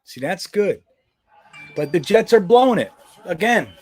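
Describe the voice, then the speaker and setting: A man's voice: high-pitched, big pitch swings, measured pace, darkish tone, soft background music. A man hosting a casual live stream, rambling and joking with plenty of swearing. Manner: rambling, profane, jokey. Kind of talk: casual live-stream chat about football.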